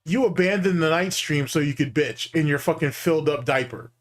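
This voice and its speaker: A man's voice: a little high, fairly quick. A man hosting a reaction stream, sarcastic and incredulous as he picks apart a clip. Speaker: commentary host. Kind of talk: mocking reaction commentary.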